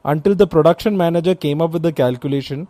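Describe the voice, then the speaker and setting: A man co-hosting a trivia podcast in casual chat, playful and animated as he tells stories. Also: fairly high pitch, quick pace, no room sound. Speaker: podcast co-host.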